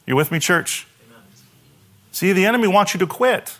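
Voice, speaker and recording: A man preaching a sermon to his church, animated, dropping to a hushed voice when he voices a prayer. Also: high-pitched, moderate pace. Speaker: pastor.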